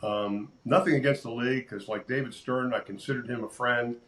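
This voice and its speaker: Older guy, sportscaster, tells animated stories, acts out the voices, laughs a lot. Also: mid-range voice, a little fast, poor audio. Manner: animated storyteller, acts out quotes, laughs often. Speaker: sportscaster guest. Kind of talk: casual storytelling interview.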